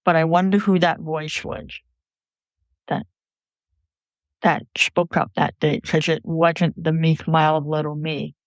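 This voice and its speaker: A woman recounting a personal story in an earnest, measured way for a podcast. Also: low voice, level tone, no echo. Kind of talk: personal story told into a mic.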